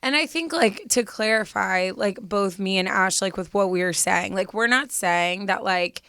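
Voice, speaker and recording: A woman's voice: mid-range voice, moderate pace, a bit bright, clean tone, no echo, clean studio sound. A young woman co-hosting a podcast, chatting candidly with lots of "like" fillers. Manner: chatty, heavy use of "like", candid and personal. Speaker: podcast co-host. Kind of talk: casual chat.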